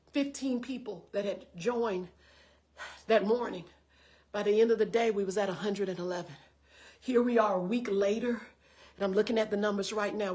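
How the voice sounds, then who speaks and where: A woman pastor preaching fervently to a live-stream audience, greeting viewers by name and stumbling into quick repeated restarts. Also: mid-range voice. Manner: fervent, direct address to viewers, stammered restarts. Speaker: pastor and online show host.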